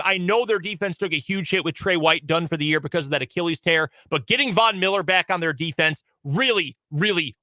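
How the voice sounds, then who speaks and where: A man hosting sports radio, reading the headlines in a brisk, opinionated delivery. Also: high-pitched, sharp tone, no echo, poor audio. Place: radio studio.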